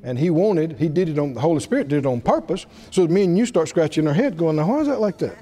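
A man's voice: a little high, lively intonation, fast, mellow, soft background music. A man preaching a sermon, telling stories with animation, laughing at his own jokes and acting out the voices he quotes. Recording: reverberant hall.

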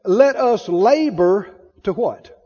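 A male preacher with an unusually high, mellow voice delivers his sermon with emphatic call-and-response. The recording is dull and lo-fi. A long hall reverb trails after every phrase. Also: expressive, takes it slowly, breathy edge.

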